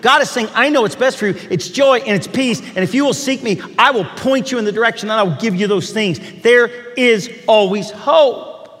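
A preacher with a very high, bright voice, preaching to a congregation. He drops soft and low, then climbs loud and emphatic. The sound carries a long hall reverb. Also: moderate pace, few pauses. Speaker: pastor. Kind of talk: sermon.

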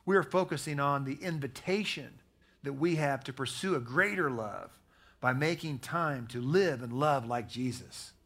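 Slow, emphatic male pastor preaching. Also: medium pitch. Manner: preaching with emphatic repetition, dropping soft at prayer. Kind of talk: sermon.

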